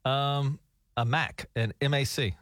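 A man's voice: medium pitch, fairly even intonation, slow, fairly bright tone, dry recording. A man hosting a morning radio show, chatting casually and quizzing his co-host, heard on a studio mic. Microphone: studio microphone.

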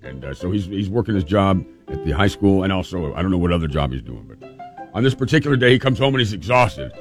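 Low-voiced man telling a childhood story. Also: fast, soft background music. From California. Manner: relaxed, chatty, with restarts and acted-out dialogue. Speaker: storytelling show host. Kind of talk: casual personal storytelling.

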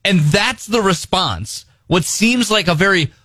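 A man's voice: high-pitched, lively intonation, a little slow, bright, forceful tone, no room sound. A man co-hosting a morning radio show, teasing and wry in casual banter, tripping over restarts. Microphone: studio microphone.

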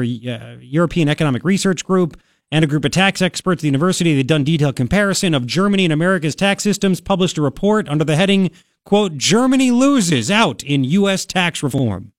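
Casual talk radio commentary comes from a male host with a fairly high-pitched voice. Speaking into a studio mic, he's rambling and opinionated, with sarcasm creeping in. The recording is dry.

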